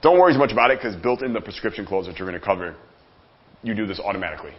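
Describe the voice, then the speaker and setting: A man's voice: on the low side, expressive, very fast, lo-fi sound, slight background noise. A man coaching a live workshop audience on closing sales, talking energetically and joking with the room.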